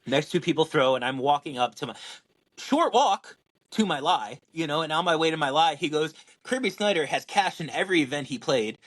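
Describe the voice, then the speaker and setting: A young man from Washington state, co-hosting a podcast and telling a lively story, acting out quotes with lots of fillers. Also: fairly high pitch, fairly quick. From Washington state, USA. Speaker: podcast co-host and pro disc golfer. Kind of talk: casual storytelling chat.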